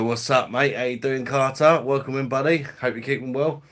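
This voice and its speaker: This London man has a Cockney-ish accent and a low, fairly bright voice. Hosting a casual live stream, he chats matily with viewers, dropping in slang and laughing.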